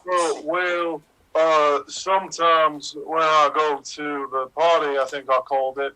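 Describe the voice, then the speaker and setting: A man's voice: fairly high pitch, level tone, bright, forceful tone, clear, resonant tone, rough recording. A man playing a hesitant patient who stumbles through his words in an improv scene. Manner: halting, full of ums. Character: hesitant, bumbling male patient.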